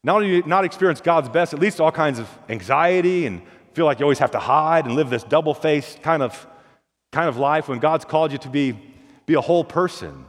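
A man's voice: a little high, expressive, a little fast. A male pastor preaching a sermon in a folksy, storytelling way, often restarting and repeating words. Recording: long hall reverb.

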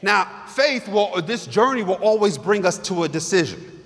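Man preaching, very high voice, emphatic repetition, long church reverb. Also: lively intonation, normal speed, fairly bright tone. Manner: emphatic, repetitive, builds with rhetorical questions. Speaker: guest preacher. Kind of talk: sermon. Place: church sanctuary.

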